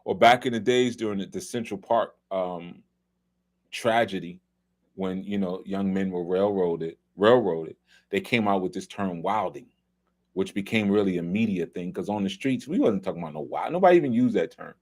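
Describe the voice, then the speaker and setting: A man's voice: deep voice, moderate pace, gravelly, a little mellow. A middle-aged man from New York, hosting a loose, conversational film commentary talk with many asides. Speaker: host.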